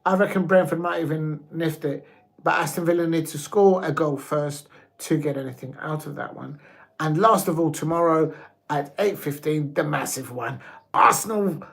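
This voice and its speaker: A man hosting a live football watch-along, rambling excitably and stumbling over his words as he gives predictions. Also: a little high, moderate pace, creaky. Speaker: football fan channel host.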